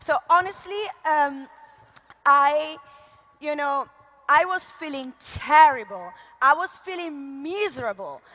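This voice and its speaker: A woman with an Italian accent giving an animated, gushing motivational talk from a convention stage. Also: sits high, takes it slowly. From Italy. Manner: animated, gushing, lots of laughs. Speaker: conference speaker. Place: large convention hall. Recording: echoey hall reverb.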